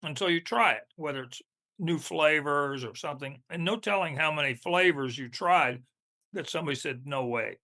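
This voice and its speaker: A man's voice: on the high side, normal speed, sharp tone. A man co-hosting a podcast in casual chat, laughing often and talking with his mouth full. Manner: chatty, laughs often, eats while talking. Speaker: podcast co-host.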